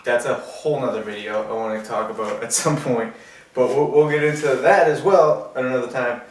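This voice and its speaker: A man's voice: mid-range voice, fairly quick, distant mic, a little hiss or hum. A man ranting bluntly to camera about nutrition and training in a casual fitness vlog. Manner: blunt, opinionated, mocking. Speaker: fitness vlogger. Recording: roomy echo, away from the mic.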